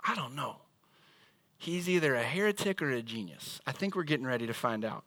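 A man doing a hushed, doubtful mutter. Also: medium pitch, lively intonation, a little fast, dry recording, pitched below the performer's own voice. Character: wary, muttering group of male followers.

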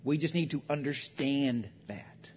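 A man's voice: medium pitch, a little slow, a little hiss or hum. A man preaching a sermon on marriage, talking conversationally and acting out quotes. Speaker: pastor. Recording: long reverb of a large hall.

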